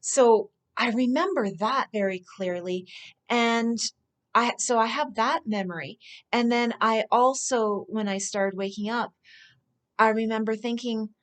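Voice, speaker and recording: A woman speaking as a spiritual speaker, telling personal stories in an earnest, unhurried way with soft laughs. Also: a little high. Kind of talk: personal storytelling monologue.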